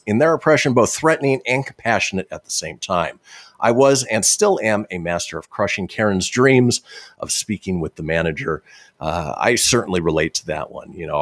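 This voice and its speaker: A man's voice: fairly low pitch, dry recording, studio quality. A man hosting a radio show, chatting casually and reading out listener messages with chuckles. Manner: lively, chuckling storyteller.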